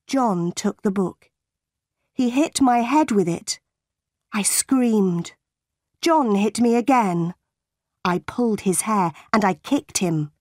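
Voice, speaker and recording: A woman narrating a simplified novel for an audiobook, reading slowly, clearly and deliberately. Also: mid-range voice, animated, a little mellow, dry recording, clean studio sound.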